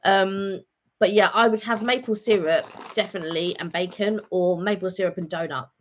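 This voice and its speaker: A woman co-hosting a live vlog stream, chatting in a rambling, easygoing way with frequent ums and self-corrections. Her voice sits at a middling pitch. The sound is dull and lo-fi, like a home streaming setup. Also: steady tone, moderate pace, slight background noise. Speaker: vlog co-host. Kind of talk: casual live-stream chat.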